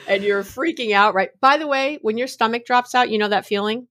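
With a fairly high pitch and normal speed, a middle-aged woman serving as a guest mindfulness expert explains the topic conversationally. She brings it to life through laughs, acted-out quotes, and little dramatized scenes.

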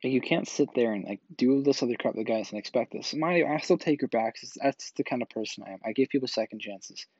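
A man tells a personal story in a loose, rambling way, restarting sentences and leaning on filler words. His voice sits at an ordinary middle pitch. The recording is dry and a bit dull and lo-fi. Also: fast talker, few pauses, darkish tone, dry recording. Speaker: vlog host telling a personal story. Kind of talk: casual storytelling.

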